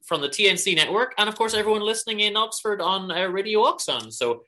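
A man's voice: high voice, animated, fast talker, sharp tone. A man co-hosting a book podcast, chatting casually with lots of fillers and upbeat plugs. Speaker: podcast co-host. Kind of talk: casual chat.

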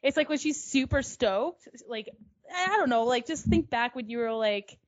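A woman's voice: on the high side, moderate pace. A woman in her thirties co-hosting a podcast, telling stories animatedly with frequent laughter. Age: 30s. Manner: animated, giggly storytelling. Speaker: podcast co-host. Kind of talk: casual chat.

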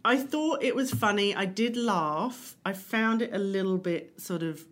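A woman co-hosting a casual chat about TV shows, eagerly chiming in with quick reactions and opinions. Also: medium pitch.

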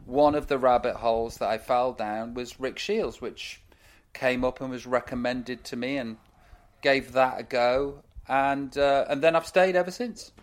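A man's voice: mid-range voice, fairly even intonation, measured pace. A British man as a podcast guest, talking candidly and loosely, rambling and reflecting on himself. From United Kingdom. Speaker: guest, musician. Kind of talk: casual chat.

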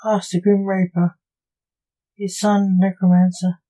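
A woman author reading her own gothic short story aloud in a measured storytelling manner. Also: medium pitch, level tone, warm tone, rough recording. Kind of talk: audiobook narration.

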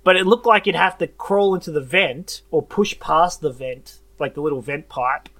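A young man, co-hosting a casual podcast and telling a story with lively acted-out voices. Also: on the high side, moderate pace, no room sound. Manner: animated storyteller, acts out voices and meows. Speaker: podcast co-host. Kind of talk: casual chat.

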